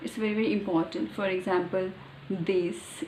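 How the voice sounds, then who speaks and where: A woman with an Indian English accent talking casually about learning pronunciation, thinking aloud with many pauses and fillers. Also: mid-range voice, slight background noise. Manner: halting, thinking aloud, with fillers and demonstrated sounds. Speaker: language learner. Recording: echoey room, faint ambience.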